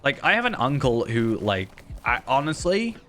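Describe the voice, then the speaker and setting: A man's voice: mid-range voice, big pitch swings, normal speed, a bit bright. A man chatting in a rambling, self-deprecating way while streaming a game. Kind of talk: casual gaming commentary. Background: faint game music.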